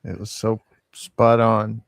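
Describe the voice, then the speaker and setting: A man's voice: on the low side, level tone, takes it slowly, creaky, no room sound. A man co-hosting a casual live chat, thoughtful and hesitant as he searches for words. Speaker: co-host.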